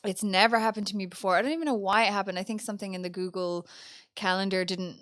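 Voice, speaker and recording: A woman's voice: medium pitch, fairly even intonation, fast, a bit bright, no echo, clean studio sound. A young Irish woman co-hosting a podcast, chatting casually and laughing at herself. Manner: chatty, self-deprecating, laughs often. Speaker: podcast co-host. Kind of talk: casual chat.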